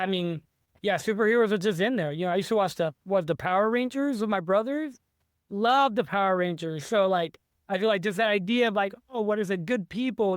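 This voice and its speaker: A man's voice: sits high, clear, resonant tone, dry recording, clean studio sound. A man, an author being interviewed, talking in an eager, rambling way with many restarts. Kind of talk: casual interview chat.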